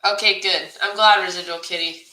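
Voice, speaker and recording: A woman's voice: on the low side, fairly even intonation, brisk, sharp tone. A woman co-hosting a live-stream auction, chatting with viewers, reading their comments and calling bids with frequent laughter. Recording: roomy echo.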